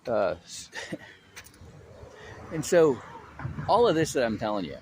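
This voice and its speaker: A man talking casually on his own channel, an animated storyteller who restarts his sentences often and stresses his points. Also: mid-range voice, slow pace, a little hiss or hum.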